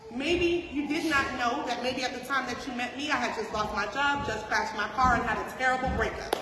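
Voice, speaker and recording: High-voiced woman teaching in an echoey hall. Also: brisk, recorded from a distance. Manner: conversational, asks rhetorical questions, repeats "right?"; lively, swings between soft and loud emphasis. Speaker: spiritual teacher. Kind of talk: teaching a class.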